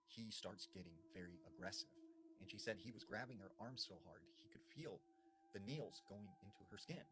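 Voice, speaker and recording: A man's voice: fairly low pitch, background noise. A young man casually retelling scary stories, chatty and full of "you know" and "like". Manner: conversational, retells accounts with lots of "you know" and "like". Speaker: storyteller. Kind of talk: creepy storytelling.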